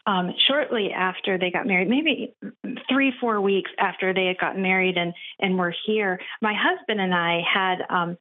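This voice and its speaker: A middle-aged woman calling in to an advice show, telling a story in a chatty, animated way. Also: medium pitch, moderate pace. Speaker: caller. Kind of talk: casual storytelling on a call. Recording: tinny phone line.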